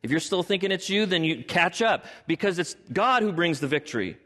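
A man's voice: high voice, expressive, fairly quick, pushed and bright. A male pastor preaching a sermon, acting out the voices of biblical figures with dramatic shifts. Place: church sanctuary. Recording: long reverb of a large hall.

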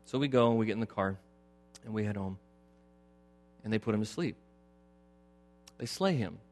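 A middle-aged male pastor preaching a sermon, moving from loud emphatic points to a quiet personal story. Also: on the low side, brisk. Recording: long hall reverb with faint music.

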